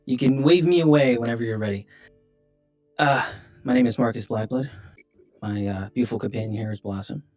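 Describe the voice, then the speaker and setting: A man playing a confident, smooth-talking adventurer who speaks politely and persuasively, in a tabletop game. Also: mid-range voice, fairly quick, a little mellow, soft background music, lightly acted. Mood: courteous.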